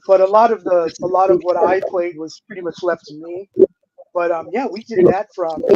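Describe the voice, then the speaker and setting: A man around sixty, a guest musician telling stories in a casual interview, animated and laid-back, with lots of "dude" and "you know". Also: high voice, moderate pace, gravelly, no echo. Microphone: remote streaming call. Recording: dull, slightly lo-fi dry audio.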